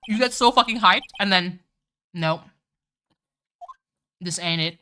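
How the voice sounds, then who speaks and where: Chatty bright-voiced woman streamer. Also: fairly low pitch, takes it slowly. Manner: chatty, swears, lots of "like". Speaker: streamer playing a game. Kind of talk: casual live-stream chat.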